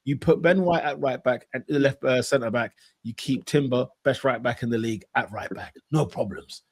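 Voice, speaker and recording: A man co-hosting a podcast, talking football casually and acting out his own reactions with animated emphasis. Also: mid-range voice, moderate pace, slightly rough, dry recording, studio quality. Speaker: podcast co-host.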